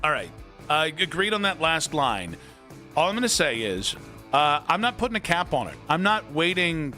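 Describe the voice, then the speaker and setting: A man's voice: a little high, sing-song, normal speed, bright, forceful tone, soft background music. A man hosting a sports radio show in a chatty, casual way, with frequent fillers and restarts.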